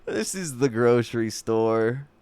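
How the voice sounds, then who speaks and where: A man's voice: medium pitch, expressive, slow, darkish tone, clear, resonant tone, no echo. A man streaming casual reaction commentary, mocking and swearing freely, laughing often between remarks.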